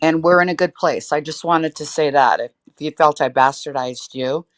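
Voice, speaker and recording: A woman's voice: low voice, normal speed. A woman on a livestream panel, defensive yet trying to make peace. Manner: defensive, conciliatory. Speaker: panel guest. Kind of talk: heated panel chat.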